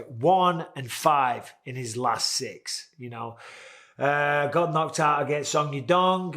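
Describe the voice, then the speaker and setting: A man's voice: medium pitch, fairly bright tone. A man in his forties hosting a casual, candid sports commentary, chatty and swearing now and then. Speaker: host.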